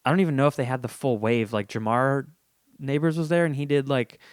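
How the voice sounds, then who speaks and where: A man's voice: medium pitch, fairly quick, smooth, no echo, studio quality. A young man hosting a casual podcast chat, rambling through stories and laughing often. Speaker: podcast host.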